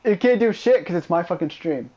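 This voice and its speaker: A man's voice: high voice, a little fast, lo-fi sound. A man streaming a video game, chatting casually and trash-talking a friend with lots of swearing. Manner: profane, excitable trash-talk. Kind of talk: casual gameplay commentary.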